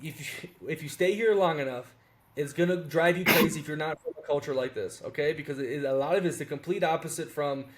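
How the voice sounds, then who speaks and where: A man in his forties rattles off stories in a casual podcast chat. He talks quickly and bluntly, cursing freely, and his voice sits a little high for a man. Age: 40s. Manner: fast, blunt, profane storytelling.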